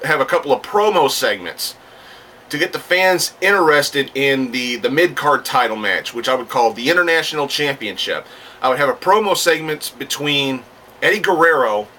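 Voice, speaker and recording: A man's voice: mid-range voice, sharp tone, recorded from a distance. A man rambling in a casual talking-to-camera monologue, often restarting his sentences and getting worked up, with some swearing. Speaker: wrestling fan vlogger.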